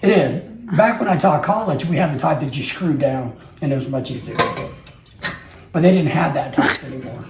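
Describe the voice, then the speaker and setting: In an echoey kitchen with clattering dishes and background noise, a middle-aged man hosts a home vlog, demonstrating a gadget. Speaking at a moderate pace in a slightly high voice, he jokes at his own expense and talks through his thinking as he goes.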